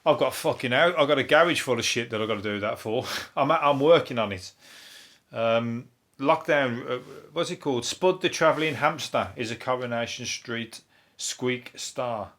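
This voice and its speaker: A man's voice: mid-range voice, normal speed, a bit bright. A man with a Birmingham accent hosting a casual solo podcast, rambling loosely, swearing often and chuckling to himself. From Birmingham, England. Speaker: podcast host and comedian.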